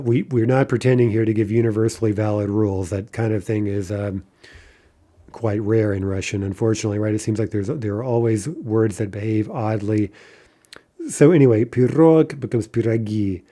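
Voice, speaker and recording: A man teaching an online language grammar lesson, explaining patterns step by step, often checking in with "right?" and trailing off into quieter asides. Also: on the low side.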